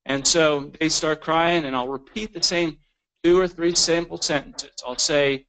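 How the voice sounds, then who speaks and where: A man's voice: on the high side, fairly even intonation, moderate pace, a bit bright, clear, resonant tone, rough recording. A man presenting a continuing education lecture in a conversational way, often restarting words and acting out the lines of clients and staff. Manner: informal, repeats words, acts out quoted clients.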